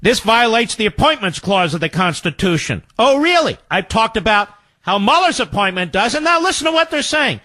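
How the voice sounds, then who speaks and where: A fired-up male talk radio host with a fairly high, wildly swooping voice, recorded close and dry in a studio. He is sarcastic and combative, and he mocks opponents by mimicking them. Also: sing-song, moderate pace, hardly any pauses, sharp tone, no echo.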